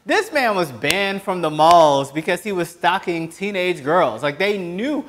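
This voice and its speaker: A man hosts his own web show, delivering sarcastic political commentary with passion and sometimes yelling. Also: high voice, expressive, unhurried, few pauses. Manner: impassioned, sarcastic, breaks into yelling. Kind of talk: solo political commentary rant.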